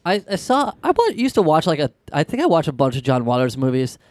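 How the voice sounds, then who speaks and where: A man's voice: on the high side, very animated, fast talker, no room sound. Laid-back man hosting a podcast. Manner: laid-back, laughs, many "like" fillers. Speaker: podcast host. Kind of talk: casual chat.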